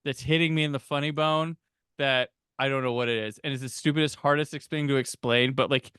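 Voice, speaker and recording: Podcast host, male, smooth and resonant, dry close mic, chatty and giggly. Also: mid-range voice, steady tone, a bit bright, dry recording. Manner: rambling, laughs often, quick mimicry of lines. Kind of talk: casual movie chat.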